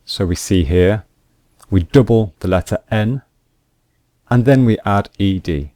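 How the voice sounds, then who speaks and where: A man teaching English grammar rules slowly and deliberately, repeating each point with examples. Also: fairly low pitch, warm tone, no room sound, studio quality. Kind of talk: slow explanatory grammar lesson.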